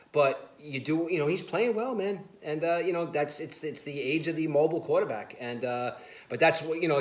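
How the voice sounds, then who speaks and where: A man talks football at a brisk clip, animated and full of fillers like "listen" and "you know." His voice carries a roomy echo, as if he is recording in a bare room. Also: mid-range voice. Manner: animated, laughing storyteller, says "listen" and "you know" a lot. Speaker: sports show co-host. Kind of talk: casual sports chat.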